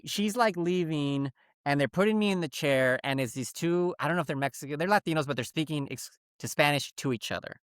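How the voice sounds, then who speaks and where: A man co-hosting a comedy podcast, telling a long story in an animated, rambling, profane way. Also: fairly high pitch, clean tone, no echo, studio quality. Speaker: podcast co-host.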